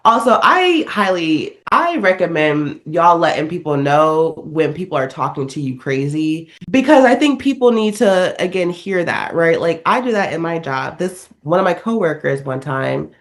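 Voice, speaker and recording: A young woman co-hosts a podcast, chatting casually in a deep voice at a moderate pace with hardly any pauses. She tells her stories in an animated way, acting out the people in them and their quotes.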